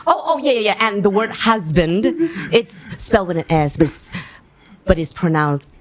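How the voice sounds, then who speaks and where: Animated woman telling stories. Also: mid-range voice, normal speed. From Thailand. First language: Thai. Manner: laughs often, acts out scenes. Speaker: guest actress. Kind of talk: animated storytelling in an interview.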